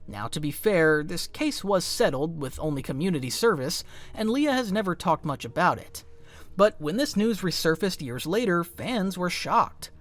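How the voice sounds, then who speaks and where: A man's voice: high voice, expressive, normal speed, a bit bright. A man reading a scripted documentary narration in a dramatic, emphatic way. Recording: faint music underneath.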